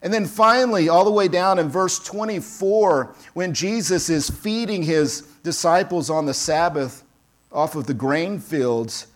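A man serving as pastor preaches a sermon in a slightly high voice, lively and emphatic. He acts out quoted voices and calls on the congregation.

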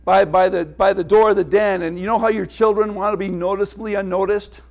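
A middle-aged male pastor giving a sermon, telling family stories with laughs and dropping to a hushed tone for prayer. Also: sits high, steady tone, fairly quick, gravelly.

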